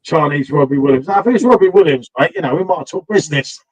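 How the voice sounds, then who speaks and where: Husky man telling pub stories. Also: fairly high pitch, animated, quick pace, rough recording. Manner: blunt, swears a lot, repeats himself when worked up. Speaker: pub stream host. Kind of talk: casual pub chat, storytelling.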